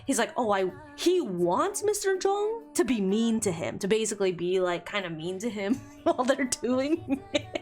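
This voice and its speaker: A woman's voice: on the high side, big pitch swings, moderate pace, darkish tone, faint music behind. A woman streamer chatting casually while she draws, retelling a plot in a rambling, giggly way. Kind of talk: casual chat while drawing.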